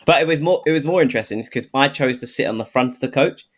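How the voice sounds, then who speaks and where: An easygoing man co-hosts a casual podcast. He tells his anecdotes at an ordinary pitch and chuckles along as he goes. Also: quick pace. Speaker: podcast co-host. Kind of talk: casual storytelling chat.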